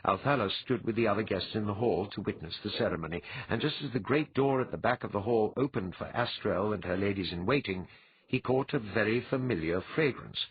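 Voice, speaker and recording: A man narrating an audiobook in a measured storytelling manner, husky in tone. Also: fairly low pitch, dry recording, phone-quality sound. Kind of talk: scripted narration.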